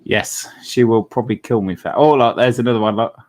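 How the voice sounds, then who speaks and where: A man's voice: medium pitch, steady tone, fairly quick, a little mellow. A man hosting a model-making livestream, casually reading out viewer comments and murmuring admiration over the models.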